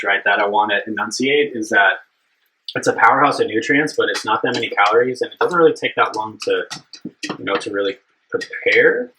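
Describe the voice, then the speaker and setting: A man's voice: mid-range voice, sharp tone, low-quality recording. A young man hosting a live cooking stream, chatting casually and upbeat with his viewers, rambling with plenty of fillers.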